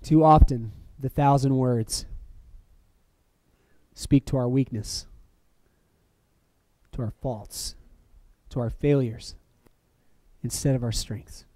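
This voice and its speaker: Guy preaching a sermon, soft trailing lines then big lifts, dry sound. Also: mid-range voice, no echo. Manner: reflective, with soft dropping phrase ends and sudden lifts.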